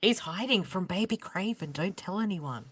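A woman's voice: mid-range voice, lively intonation, normal speed, fairly bright tone, husky. A woman co-hosting a podcast, teasing and wry in casual movie commentary. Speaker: podcast co-host.

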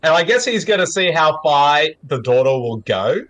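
Australian man co-hosting a movie chat, animated pitch, joking tone. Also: moderate pace. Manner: joking, laughs often. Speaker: podcast co-host. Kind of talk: casual movie commentary chat.

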